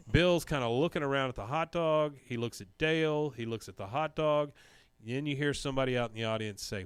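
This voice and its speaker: A man's voice: mid-range voice, brisk, smooth, dry recording. A man hosting a podcast, recapping episode scenes in a casual way and briefly mimicking the characters' lines.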